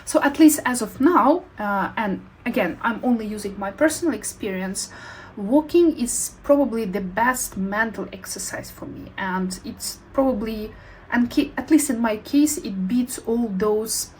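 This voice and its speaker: A woman in a casual health vlog, sharing her own experience in thoughtful, non-native English phrasing with frequent pauses and fillers. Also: a little high, a little mellow, a little hiss or hum, poor audio. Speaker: health vlogger. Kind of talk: casual talking-head vlog.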